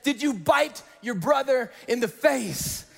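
A man putting on an exasperated mother who has run out of patience, calling her sons down in a high, raised, strained scold. The voice carries a long echo through a large hall. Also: expressive, takes it slowly, vocal fry, fairly bright tone, exaggerated voice. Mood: interrogating. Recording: echoey hall.

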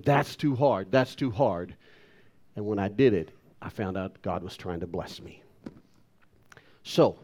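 A man's voice: mid-range voice, darkish tone. A male pastor giving a sermon, talking emphatically and putting rhetorical questions to the congregation.

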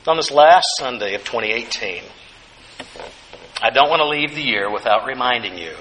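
A male pastor preaching a sermon, earnest and gentle, repeating key phrases softly for emphasis. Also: medium pitch, animated, normal speed, long pauses, a little hiss or hum, low-quality recording.

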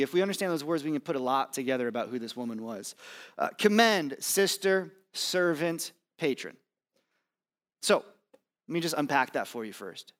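Casual, joking male pastor preaching. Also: fairly high pitch. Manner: conversational, self-deprecating, pauses with fillers. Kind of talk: sermon. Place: church campus.

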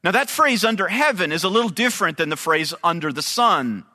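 A male preacher with a high, bright voice, teaching through a Bible passage in a measured, careful way. He speaks at an unhurried pace, and long reverb hangs on his words. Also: lively intonation. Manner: measured teaching delivery, explaining Hebrew terms. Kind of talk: expository sermon.

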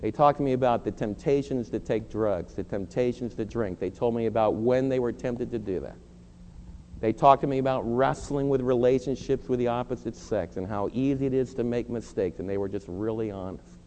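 A middle-aged male pastor delivers an earnest, emphatic sermon, pressing his listeners and then owning his own faults. His voice is mellow and dark. It rings with the long reverb of a large church hall over a faint hum. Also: medium pitch, a little fast. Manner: earnest, emphatic preaching with confessional asides.

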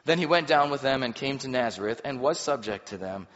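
A man preaching a sermon as a pastor, animated and musing aloud about the scenes he describes. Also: mid-range voice, brisk. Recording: muffled reverberant hall recording.

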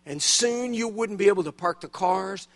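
High-voiced man preaching a sermon. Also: normal speed, a bit bright. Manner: emphatic, building preaching cadence. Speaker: guest preacher. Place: church sanctuary.

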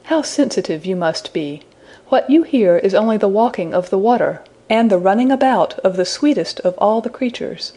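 A woman voicing an innocent young woman in a storybook reading, speaking softly and soothingly. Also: mid-range voice, expressive, moderate pace, natural voice. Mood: tender. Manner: soft, soothing and wondering. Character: innocent gentle young woman, tender and motherly.

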